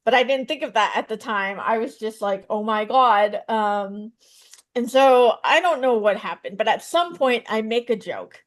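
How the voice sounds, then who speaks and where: Animated, storytelling woman comedian. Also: a little high, normal speed. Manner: animated storytelling, acts out voices in her jokes. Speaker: stand-up comedian and psychotherapist. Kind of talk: conversational interview answers.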